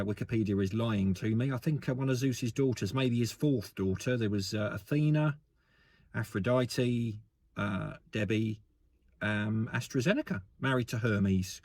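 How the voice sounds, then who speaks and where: A man with an English accent delivering a deadpan, rambling improvised comic monologue, full of fillers. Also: lowish voice, moderate pace. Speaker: comedy sketch host.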